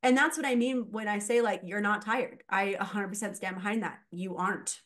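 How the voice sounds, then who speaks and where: A woman mindset coach talking casually as a podcast guest, animated and laughing often as she acts out quoted voices. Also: medium pitch, fairly quick.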